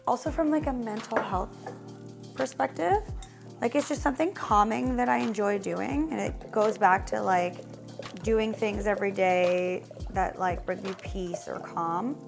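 Woman vlogger, casual and chatty, gravelly voice, background music. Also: mid-range voice, measured pace. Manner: chatty, lots of "like" fillers. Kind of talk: casual cooking vlog.

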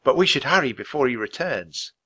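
A man voicing a calm young wizard in raven form, giving a plan in a hushed, commanding croak. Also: medium pitch, fairly quick.

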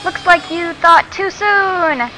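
A woman voicing a loyal, determined ship's first mate, in a loud, rousing delivery while reading a child's story aloud. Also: extremely high pitch, slow pace, voice pushed up, exaggerated voice, rough recording. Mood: wry.

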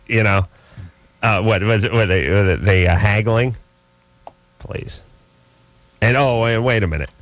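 A man's voice: on the low side, measured pace, pauses often, no echo. A man hosting a late-night call-in radio show, ranting sarcastically with many restarts.

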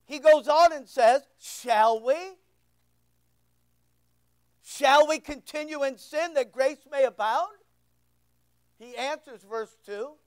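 A man's voice: very high-pitched, takes it slowly, pauses often, poor audio. A middle-aged man preaching a sermon in a church, talking conversationally, repeating words and putting questions to the room. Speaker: pastor.

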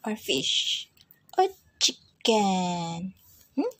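A woman's voice: fairly high pitch, slow pace, a bit bright, husky, no echo. A woman vlogging as she walks around her home, chatting to the camera and cooing at her pets. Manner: coos and baby-talks to pets. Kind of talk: casual vlog narration.

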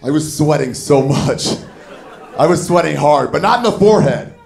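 A man doing a stand-up comedy set on a club stage, telling a story with animated, shouted put-on voices. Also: on the high side, moderate pace, gravelly. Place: comedy club stage before a live audience. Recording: live club recording with crowd. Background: audience laughter.

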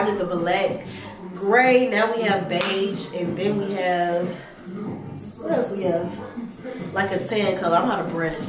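A young woman, a mother, chatting casually to her viewers in a home vlog while sick and achy, calling them "y'all" at every turn. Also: mid-range voice. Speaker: lifestyle vlogger and mother. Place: at home, in a bedroom.

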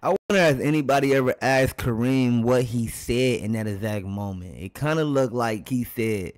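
A man's voice: medium pitch, normal speed, slight background noise. A man hosting a casual reaction video, commenting on old basketball footage, laughing often and talking straight to his viewers.

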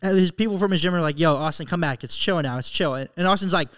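A young man around twenty, a podcast co-host, telling a story fast and rambling with lots of fillers. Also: fairly high pitch, fairly bright tone. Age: young adult.

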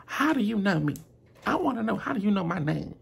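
A vlogger voicing a hostile woman customer who is demanding and shrill and keeps repeating herself. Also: sing-song, a little fast, vocal fry, a little hiss or hum. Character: loud hostile adult woman restaurant customer.

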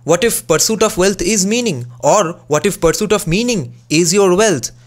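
A young man with a Bengali accent speaks in a voice pitched a little above most men's. He talks in a casual commentary style, builds opinionated arguments and keeps throwing rhetorical questions at the listener. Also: normal speed. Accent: Bengali-accented English. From Bengal, India. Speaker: music analysis YouTuber.

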